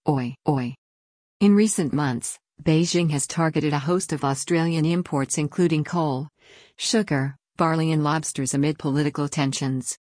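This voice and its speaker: A woman reading a news article aloud in an even, measured way. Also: sits low, dry recording, studio quality. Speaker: news reader.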